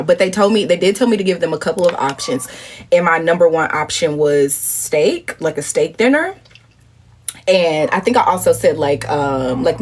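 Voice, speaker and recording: A woman in her thirties hosts a casual livestream, her voice slightly husky and breathy. She tells stories with lots of animation, shooting up into high, indignant exclamations. Then she drops into low, murmured asides. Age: 30s. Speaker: livestream host. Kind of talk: casual live-stream chat.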